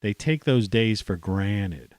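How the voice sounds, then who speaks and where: A man's voice: on the low side, animated, slow pace, darkish tone, no room sound. A middle-aged American man hosting a live stream, talking in a rambling, casual monologue full of "you know" and restarts. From United States. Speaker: livestream host.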